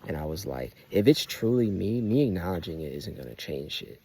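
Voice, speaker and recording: A man's voice: low-pitched, big pitch swings, brisk, gravelly, mellow, breathy edge. A young man rambling outdoors in a loose, profane, emphatic personal monologue full of restarts. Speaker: vlogger.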